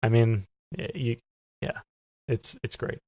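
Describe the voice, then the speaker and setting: A man speaking as a guest in a relaxed podcast interview. He talks softly and hesitantly, full of fillers, at a middling pitch. The sound is close and dry. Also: slow, no room sound. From lives in Los Angeles. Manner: soft-spoken, lots of fillers and hesitations. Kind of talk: casual interview chat.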